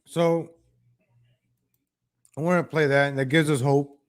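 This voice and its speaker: A man hosts a political commentary livestream, rambling with sarcastic asides, frequently restarting sentences, and repeatedly calling his viewers "ladies and gentlemen." He mocks politicians by mimicking them in a higher voice. His tone is clean and steady, and he speaks unhurriedly.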